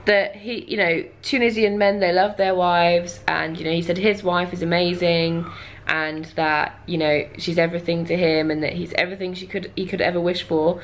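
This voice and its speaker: A woman's voice: lowish voice, steady tone, moderate pace. A young woman vlogger telling a travel story to camera in a chatty, casual way, laughing often and dropping dry asides.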